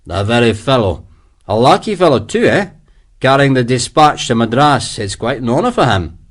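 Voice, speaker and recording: Narrator doing a brisk friendly old general, swinging voice, puts people at ease. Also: male voice, mid-range voice, big pitch swings. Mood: genial. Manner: brisk, soothing, hearty. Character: genial older male army general. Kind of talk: audiobook character voice.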